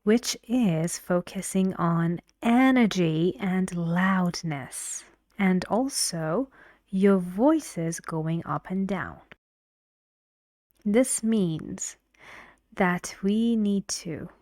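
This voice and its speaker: Female pronunciation teacher, very slow, encouraging, dry close-mic delivery with half-whispered asides. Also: mid-range voice, lively intonation, darkish tone, no echo. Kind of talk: online pronunciation lesson.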